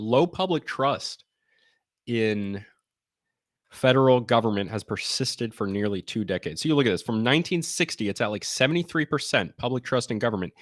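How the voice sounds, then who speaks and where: A man's voice: mid-range voice, fairly bright tone, no echo, clean studio sound. A man giving blunt, sarcastic, rambling commentary on survey charts during a casual live stream. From United States.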